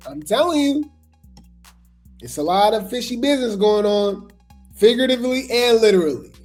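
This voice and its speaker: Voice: mid-range voice, animated, normal speed, soft background music. A host giving casual gossip commentary, chatty and trailing off with repeated asides.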